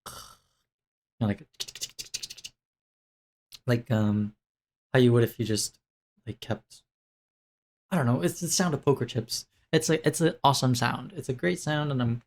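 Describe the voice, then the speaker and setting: A young man gives the camera a casual life update in a medium-pitched voice, speaking a little slowly with long pauses. He rambles and interrupts himself, full of fillers and restarts, vlogger-style.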